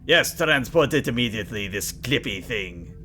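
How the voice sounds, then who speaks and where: A man voicing a smug, scheming alien trader in a tabletop game, with a slow, self-satisfied drawl. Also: medium pitch, animated, bright, forceful tone, soft background music.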